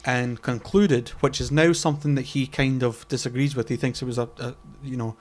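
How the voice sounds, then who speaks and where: A man in a loose podcast conversation, circling his point through ums, false starts and the odd swear word. His voice sits at an ordinary middle pitch for a man. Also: fairly even intonation, brisk. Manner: rambling, many fillers and restarts, swears casually. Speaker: podcast co-host. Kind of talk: casual chat.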